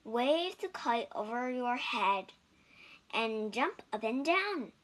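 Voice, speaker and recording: A woman's voice: a little high, big pitch swings, takes it slowly, a bit bright, heavily acted. A woman voicing a patient, encouraging male frog in a storybook reading.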